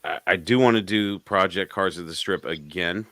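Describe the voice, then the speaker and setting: A man's voice: low-pitched, moderate pace, fairly bright tone, dry recording. A man co-hosting a live car show, telling a story in casual chat, swearing freely and laughing between lines.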